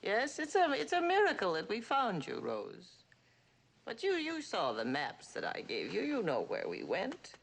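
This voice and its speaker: A woman's voice: mid-range voice, huge pitch swings, measured pace, creaky, heavily acted. An actress playing a domineering, dying wealthy old mother in a 1960s TV drama, with a cutting, theatrical manner. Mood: wistful. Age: older.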